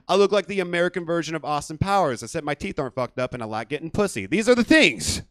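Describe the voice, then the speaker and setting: A man working the room as a stand-up comedy host, loose and rambling, swearing freely. His voice sits high, and the sound is dry and close on a stage mic in a small theater. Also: big pitch swings, quick pace, few pauses, clear, resonant tone, no echo. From California.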